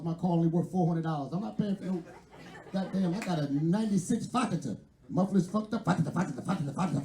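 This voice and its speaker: Brash Philadelphia comic in echoey room. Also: male voice, sits high, dark tone. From West Philadelphia. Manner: loose, brash, profane storytelling with crowd work. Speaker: stand-up comedian. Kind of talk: stand-up comedy set. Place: live comedy venue.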